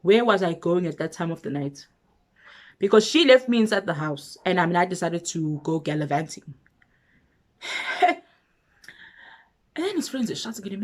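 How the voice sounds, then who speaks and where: A woman with a South African accent telling a personal story on her vlog, lively, with hushed asides. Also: lowish voice. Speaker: vlogger.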